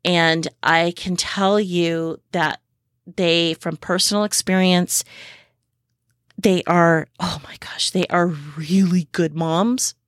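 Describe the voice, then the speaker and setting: A woman hosting a podcast in a casual, informative way, unhurried and pausing often with fillers, sharing what she has learned firsthand on her homestead. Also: on the low side, fairly even intonation, no room sound, clean studio sound. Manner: unhurried, with many pauses and fillers; speaks from personal homestead experience. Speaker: podcast host.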